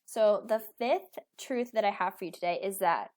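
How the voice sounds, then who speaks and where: A woman's voice: mid-range voice, moderate pace, darkish tone. A woman in her thirties, a weight loss coach, giving a casual motivational talk full of fillers and restarts. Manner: chatty, with many fillers and restarts.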